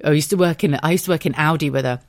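A woman in her thirties from Cheshire in England with an English accent, hosting a solo podcast in a chatty, animated way and swearing freely. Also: low-pitched, very fast. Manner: chatty, swears freely, animated storytelling with put-on quoted voices. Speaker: podcast host.

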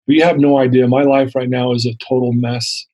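A man's voice: mid-range voice, level tone, a little fast, warm tone, low-quality recording. A man in his fifties sharing his personal story as an interview guest, earnest and vivid, acting out the dialogue he quotes.

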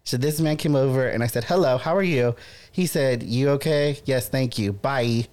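A man's voice: medium pitch, normal speed, darkish tone, clear, resonant tone. A man hosting a podcast in casual banter, teasing his co-hosts, laughing often and mimicking other people's voices. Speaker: podcast host.

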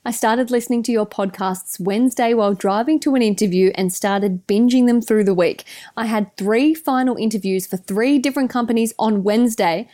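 A woman's voice: fairly high pitch, fairly quick, few pauses, mellow. An Australian woman co-hosting a podcast, chatting casually in an upbeat way and laughing often. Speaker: podcast co-host. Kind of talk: casual chat.

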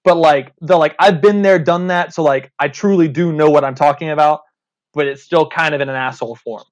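A man's voice: fairly high pitch, steady tone, brisk, highs cut off. A man hosting a casual podcast, bantering and teasing his guest. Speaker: podcast host.

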